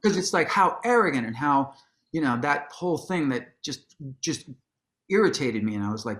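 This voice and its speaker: A man telling a long anecdote in an onstage conversation, casual and profane, acting out what people said with sudden jumps in his voice. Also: moderate pace. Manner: animated storyteller, acts out quotes with big pitch jumps; casual, swears freely, restarts sentences. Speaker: guest, musician and author.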